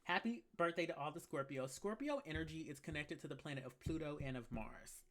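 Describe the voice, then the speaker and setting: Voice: mid-range voice, expressive, brisk, fairly bright tone. A tarot reader giving a live collective reading in a sassy, blunt, slang-filled way, stressing points by repeating them and answering chat comments along the way. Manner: repeats key phrases for emphasis.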